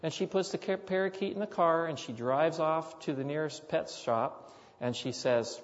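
A man's voice: a little high, expressive, a little slow. Folksy middle-aged man preaching in a hall. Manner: folksy, rambling storytelling with rising emphasis. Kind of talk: sermon with personal story. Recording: dull sound with long hall reverb.

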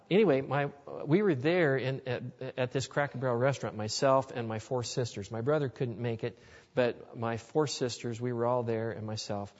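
A man with a middle-pitched voice gives a storytelling sermon, earnest and folksy in manner. His voice carries a long reverb off a large hall. The recording is dull and lo-fi. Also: a little mellow. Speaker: Christian speaker. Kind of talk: storytelling sermon to a live audience.

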